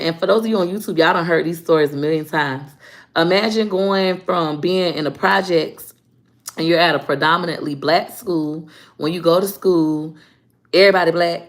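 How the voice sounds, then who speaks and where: A woman's voice: fairly low pitch, gravelly. A woman in her thirties from Florida, hosting a livestream, chatting frankly and laughing as she tells stories about her life. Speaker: livestream host. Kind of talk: casual storytelling chat.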